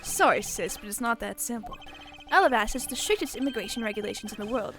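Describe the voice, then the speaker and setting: A woman voicing a gruff, cocky male agent leader from a game, reading his lines with a teasing edge. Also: on the high side, animated, fast talker, fairly bright tone, faint music behind.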